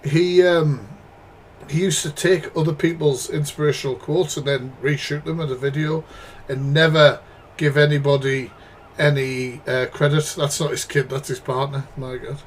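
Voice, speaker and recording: A man's voice: fairly high pitch, fairly even intonation, moderate pace, a little hiss or hum. A British man reacting live to clips, talking bluntly and swearing with exasperated asides to his chat. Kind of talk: casual live commentary.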